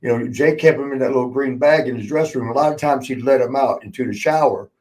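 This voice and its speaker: A man in a casual podcast chat, spinning old stories with frequent laughter and plenty of swearing. His pitch sits in an ordinary middle range, and he slips into the voices of the people he quotes. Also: fast talker, a little mellow, poor audio. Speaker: podcast host, former wrestler.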